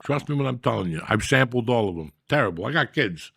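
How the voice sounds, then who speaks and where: A man telling comic stories on a podcast in a gravelly, profane, ranting way, with loud bursts when he acts out scenes. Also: medium pitch, animated, fast talker, no echo, clean studio sound. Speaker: podcast host. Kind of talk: casual comedic storytelling.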